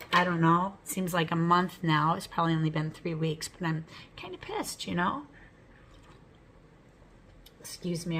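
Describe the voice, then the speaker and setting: A woman's voice: fairly low pitch, fairly bright tone, a little hiss or hum, poor audio. A woman hosting her own art channel, talking through an unboxing in a chatty, rambling, frank way at home. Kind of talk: casual unboxing vlog.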